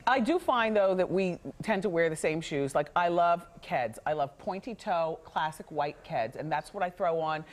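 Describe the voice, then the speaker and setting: A woman's voice: fairly low pitch, animated, moderate pace, few pauses. A woman who hosts her own talk show, chatting as a guest in a TV news studio, emphatic and opinionated with a playful edge. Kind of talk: casual studio chat.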